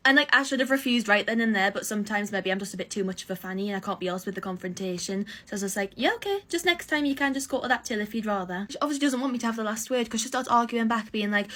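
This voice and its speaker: A woman's voice: a little high, quick pace, a bit bright. Sarcastic young woman ranting. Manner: exasperated, sarcastic, acts out both sides. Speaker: storyteller. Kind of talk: casual storytime rant.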